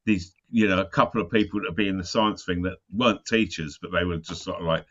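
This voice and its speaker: A man's voice: low voice, fairly even intonation, fast talker, fairly bright tone. A man rambling through school memories in a casual chat, laughing and swearing as he talks. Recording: muffled sound.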